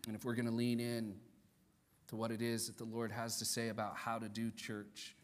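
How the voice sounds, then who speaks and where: A man preaching as pastor in a church service, rising to loud, animated peaks and dropping soft for solemn points. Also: mid-range voice, moderate pace. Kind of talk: sermon. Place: church sanctuary during a service.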